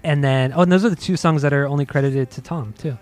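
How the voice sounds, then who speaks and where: A man's voice: on the high side, fast, a little mellow, soft background music. A man co-hosting a podcast, chatting casually about albums, laughing easily and swearing now and then. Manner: laid-back, laughs often, swears casually. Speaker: podcast co-host. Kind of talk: casual chat.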